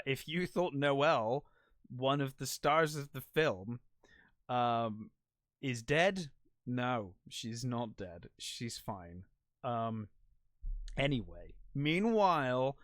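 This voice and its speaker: A man talks through a movie plot alone on his podcast in an easy, meandering way. He swears often and mocks himself now and then. His voice sits at an ordinary male pitch, and the recording is dry and close. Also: fairly bright tone, dry recording. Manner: rambling, profane and self-deprecating. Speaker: podcast host. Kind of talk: casual solo movie review. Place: lives in the United Kingdom.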